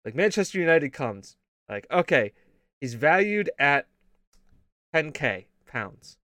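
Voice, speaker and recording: A man's voice: on the high side, big pitch swings, takes it slowly, pushed and bright, no echo, studio quality. A man co-hosting a casual gaming show, telling rambling stories full of swearing and laughter. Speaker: podcast co-host.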